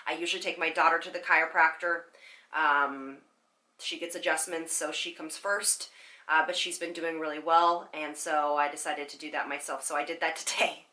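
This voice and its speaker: A young woman talking candidly and haltingly to her viewers in a personal vlog, tearful at times, with many fillers. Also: deep voice, fairly even intonation, sharp tone. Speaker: vlogger.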